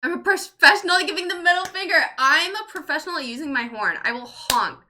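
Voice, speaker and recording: Woman streamer in her thirties, bright piercing voice, rambly casual chat, heavy on "like" and swearing. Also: high-pitched, lively intonation, fast talker. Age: 30s. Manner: rambling, lots of "like", swears freely. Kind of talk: casual livestream chat, reading chat.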